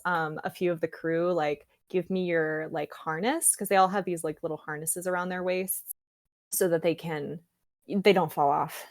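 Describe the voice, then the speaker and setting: A young woman co-hosting a podcast eagerly retells scenes from a book in casual, animated chat packed with fillers. Her voice is fairly low, recorded at studio quality with no echo.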